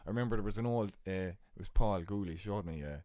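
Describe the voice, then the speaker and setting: A young Irish man with a broad Cork accent, his voice sitting low and heavy. He rambles through stories with easy, jokey banter, recorded close and dry in a bedroom. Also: fast, mellow, dry recording. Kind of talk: casual chat.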